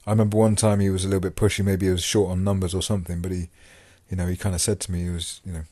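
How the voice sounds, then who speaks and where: A man's voice: deep voice, level tone, racing, mellow, dry recording, studio quality. A man hosting a podcast, talking casually about his time in prison, rambling with many fillers and restarts. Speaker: podcast host and former prisoner. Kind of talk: casual monologue.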